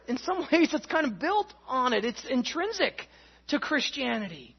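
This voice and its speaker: Woman preacher, high husky voice, earnest sermon delivery, muffled lo-fi sound. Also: big pitch swings, normal speed. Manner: earnest teaching, swings from emphatic to hushed.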